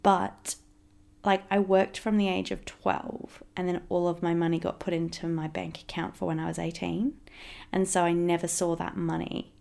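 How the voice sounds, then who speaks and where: A woman co-hosts a casual podcast with her partner. She talks loosely and rambles, laughing often, with a gravelly fry in her voice. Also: lowish voice, flat delivery, moderate pace, dark tone. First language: English. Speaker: podcast co-host. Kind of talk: casual couple's podcast chat.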